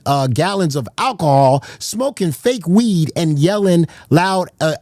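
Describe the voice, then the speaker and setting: A man hosting a livestream, talking in a rambling, profane, animated way with many restarts. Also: fairly high pitch, dry recording, clean studio sound. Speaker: livestream host. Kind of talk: casual livestream chat.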